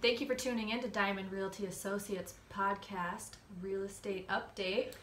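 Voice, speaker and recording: Woman w a cold chatting on a podcast, bright voice, kinda far from the mic in an echoey room. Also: mid-range voice, fairly even intonation, moderate pace, slight background noise. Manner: chatty, laughs often, with fillers. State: has a cold. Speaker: podcast co-host. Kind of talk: casual podcast chat.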